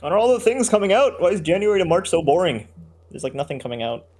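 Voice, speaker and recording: A man's voice: sits high, very animated, fast, a little mellow. A man co-hosting a let's play, joking around in a goofy, casual way. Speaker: co-host. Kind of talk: casual gameplay chat.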